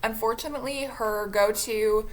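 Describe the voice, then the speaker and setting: In a recorded lecture about delivery, a speech instructor speaks at moderate speed in a fairly high-pitched voice. Her style is expressive and conversational, with the occasional restart.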